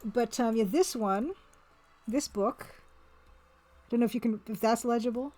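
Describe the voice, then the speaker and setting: Chatty woman streamer with a high voice. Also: moderate pace, dark tone. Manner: rambling, chatty, reads and answers chat, laughs often. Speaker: streamer and pixel artist. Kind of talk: casual live-stream chat.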